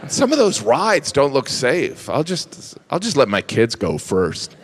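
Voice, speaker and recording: A middle-aged man performing stand-up comedy with a deadpan, exasperated delivery. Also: medium pitch, measured pace. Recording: stage mic in large echoey theater. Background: audience laughter.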